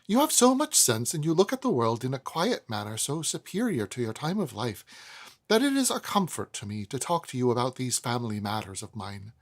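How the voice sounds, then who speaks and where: A man's voice: mid-range voice, big pitch swings, brisk. A man reading aloud and voicing a stately, proud old woman who boasts of her family pedigree, in a raised voice with a put-on Welsh lilt. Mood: confiding. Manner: lofty, fond, confiding.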